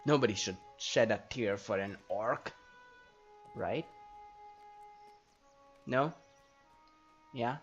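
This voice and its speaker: A man's voice: medium pitch, drawn-out words, pauses often. A young man chatting and joking as he narrates his gameplay, thinking aloud. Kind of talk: casual gameplay commentary. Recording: slightly dull audio, faint game music.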